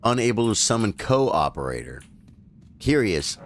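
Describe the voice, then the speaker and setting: An excitable man giving live gameplay commentary on his stream, his pitch leaping around a lot. He chats casually and then bursts into high, loud yelps in the heat of a fight, with a faint hum behind him. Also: unhurried. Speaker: game streamer.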